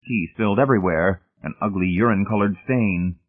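A man with a husky voice narrating a story, reading steadily and shifting voices for the characters. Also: lowish voice, fairly quick. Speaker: audiobook narrator. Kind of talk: scripted narration. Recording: tinny phone-like audio.

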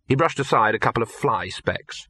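A man reading a novel aloud with lively, animated pitch. His tone is bright with a faint husky edge, and the recording is dry and close. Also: moderate pace, no echo. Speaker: narrator. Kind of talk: audiobook narration.

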